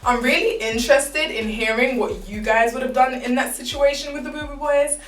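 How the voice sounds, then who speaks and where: A young woman telling a casual, animated storytime full of slang. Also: high voice, normal speed. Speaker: vlogger. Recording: roomy, distant mic, faint background music.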